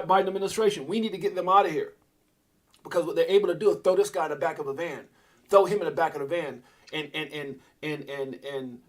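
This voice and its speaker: A man hosting a live stream with a husky voice that sits a little high. He talks to his viewers in an excitable, rambling way, with his pitch jumping up and down as he goes. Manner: excitable, rambling, talks to chat and reads out posts. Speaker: crypto livestream host. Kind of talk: casual live commentary.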